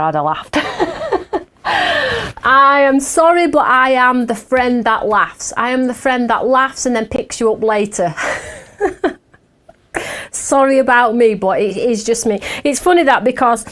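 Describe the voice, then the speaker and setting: A woman's voice: a little high, normal speed, fairly bright tone. A woman hosting a live craft shopping show, chatting casually with viewers and giggling at herself often.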